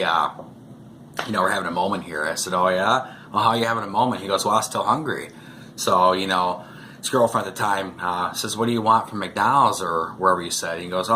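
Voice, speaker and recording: A man's voice: lowish voice, bright, forceful tone, slight background noise. A man vlogging, telling rambling stories in a casual way, chuckling often and saying "you know" a lot. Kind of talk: casual storytelling to camera.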